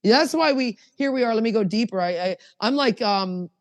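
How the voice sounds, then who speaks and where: A woman's voice: on the high side, normal speed, no room sound, big-room sound. A woman co-hosting a recovery podcast, telling stories in casual chat and acting out what others said. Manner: animated storytelling with acted quotes. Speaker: podcast co-host.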